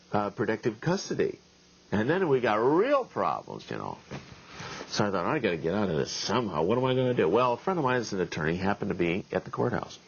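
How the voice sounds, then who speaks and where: A man's voice: lowish voice, slight background noise. A middle-aged man, a pastor, telling a story in a wry, folksy sermon style, chuckling often. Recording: lo-fi 1990s video tape.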